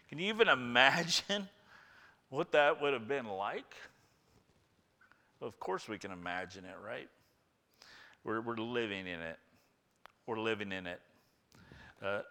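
Man preaching, bright crisp voice, emphatic, repeats phrases, long hall reverb. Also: medium pitch. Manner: emphatic, repeats key phrases, swings from loud to hushed. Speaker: pastor. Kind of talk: sermon.

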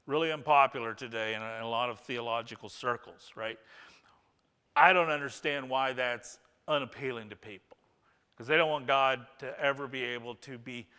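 A man's voice: medium pitch, bright, forceful tone, long reverb tail. A man preaching a sermon as pastor, talking conversationally and asking his listeners rhetorical questions.

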